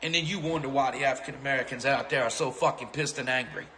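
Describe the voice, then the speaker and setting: A man of middle pitch, cursing and indignant as he gives angry commentary. A faint hiss of noise sits under his voice. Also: fast, pushed and bright, poor audio. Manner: profane, indignant.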